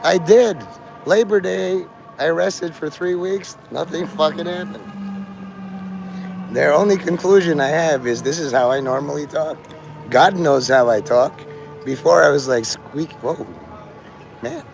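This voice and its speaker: With music playing in the background, a man livestreams from a city street, swearing and rambling from one thought to the next as he addresses his chat. His voice is on the high side, gravelly and strained, and he says that's how he normally sounds; he talks a little slowly.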